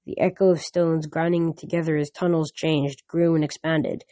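A reader working through a novel aloud in the first person, often stumbling and restarting sentences. The voice is mellow and warm, recorded close and dry. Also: medium pitch, level tone, dry recording. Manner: halting reading with frequent slips and restarts.

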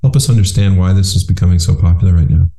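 Deep-voiced man in a roomy echo. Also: quick pace, gravelly, mellow. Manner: rambling, repeats words when starting sentences. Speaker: podcast host. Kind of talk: conversational interview.

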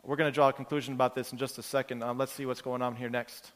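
A man's voice: medium pitch, little pitch movement, fast talker. Guy preaching in a church, casual and earnest, restarts a lot, big hall echo. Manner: conversational, earnest, with restarts and everyday examples. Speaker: pastor. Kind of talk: sermon. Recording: long hall reverb.

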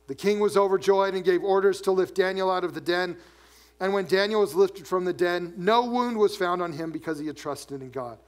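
Animated male pastor preaching. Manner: animated preaching, drops low and soft for scripture reading. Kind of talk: sermon.

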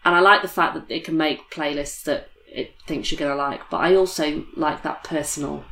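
A young woman with a British accent talks in a chatty, animated way, full of "like" and restarts. Her voice sits a little low for a woman. The recording has a roomy echo around it. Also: brisk, vocal fry, slight background noise. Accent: British English. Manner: chatty, animated storytelling with many fillers. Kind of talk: casual chat.

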